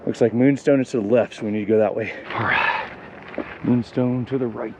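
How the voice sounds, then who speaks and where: A man's voice: mid-range voice, fairly even intonation, a little fast, breathy edge, muffled recording. A man in a casual outdoor vlog, talking chattily to his viewers as he goes along mountain trails. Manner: chatty and upbeat, talking to viewers while biking. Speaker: vlogger. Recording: noisy outdoor recording.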